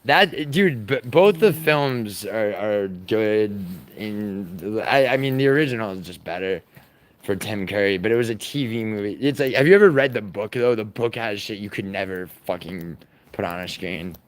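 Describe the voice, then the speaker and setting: A man's voice: on the low side, animated, normal speed. A man hosting a livestream, talking in a crude, profane and rambling way, mocking his chat. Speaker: livestream host.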